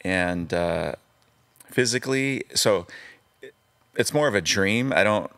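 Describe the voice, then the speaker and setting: Deep gravelly-voiced pastor in his fifties. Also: slow. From California. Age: 50s. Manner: animated storyteller, acts out dialogue. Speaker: pastor and guest. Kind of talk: casual storytelling interview.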